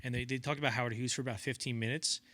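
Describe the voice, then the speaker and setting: Young guy on a film podcast, bright voice, acts out every quote, dry close mic. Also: mid-range voice, rapid-fire, dry recording. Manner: animated storyteller acting out quotes in voices. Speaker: podcast co-host. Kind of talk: casual film-history chat.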